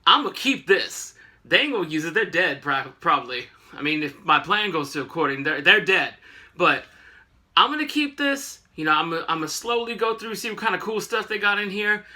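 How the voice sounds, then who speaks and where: A man's voice: high voice, sing-song, fairly quick, sharp tone, heavily acted. A man voicing a boastful, arrogant male supervillain who brags in casual slang. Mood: smug.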